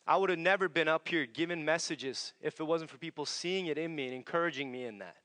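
A young man preaching a sermon in an earnest, conversational way, often dropping to a hushed voice as he tells stories. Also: on the high side, quick pace. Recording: long hall reverb.

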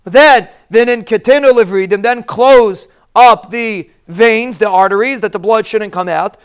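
A man's voice: sits high, unhurried, clean tone. A man teaching a Talmud lesson, explaining each Hebrew phrase in plain English.

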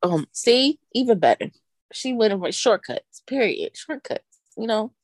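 A woman's voice: fairly high pitch, lively intonation, unhurried, a little mellow, dry recording, studio quality. A woman co-hosting a podcast, talking casually and expressively, repeating her point and laughing easily. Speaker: podcast co-host. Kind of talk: casual chat.

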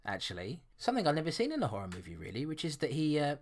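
A man's voice: on the high side, wildly swooping pitch, very fast. Chatty man reviewing a film. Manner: chatty, hesitant, many restarts. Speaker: podcast co-host. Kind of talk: casual film review chat.

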